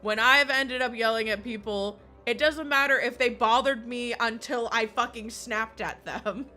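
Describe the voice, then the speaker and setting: A woman's voice: on the high side, steady tone, normal speed, pushed and bright, faint music behind. A woman streamer chatting casually while gaming, swearing constantly and laughing often as she rants. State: recovering from illness.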